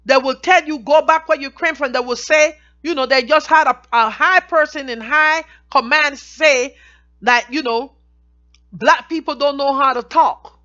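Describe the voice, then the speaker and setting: A woman teaching Bible verses, reading each verse slowly and then explaining it in plain everyday talk. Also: sits high, sharp tone. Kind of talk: scripture teaching with commentary. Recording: dull lo-fi recording.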